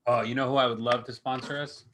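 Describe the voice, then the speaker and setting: A man hosting a casual film review chat, swearing a lot and ranting with mocking, animated energy. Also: mid-range voice, slight background noise. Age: adult with a young daughter. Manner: profane, animated, mocking, quick reversals. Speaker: podcast host.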